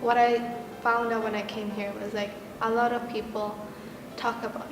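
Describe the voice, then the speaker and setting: A frank, wry young woman from Korea answers interview questions. Her voice is fairly high and sits back from the mic. It echoes through a hall with music underneath. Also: little pitch movement, normal speed, distant mic.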